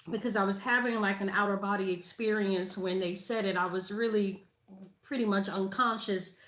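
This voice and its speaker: A woman in her forties, a host, telling a personal testimony in an emotional, halting way, close to tears. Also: medium pitch, echoey room, low-quality recording. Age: 40s.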